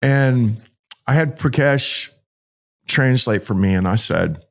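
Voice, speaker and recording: A middle-aged man recounting a story as a podcast guest, with a pitch that sits mid-range for a man. He tells it vividly and earnestly, acting out what each person said and repeating phrases for emphasis. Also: lively intonation, takes it slowly, vocal fry. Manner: vivid, acts out dialogue, repeats himself. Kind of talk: emotional storytelling in conversation.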